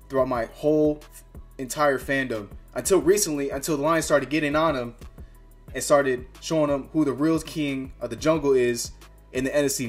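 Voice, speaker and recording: Fired-up man hosting a sports fan vlog. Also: medium pitch. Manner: fired-up, trash-talking, conversational. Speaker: sports fan channel host.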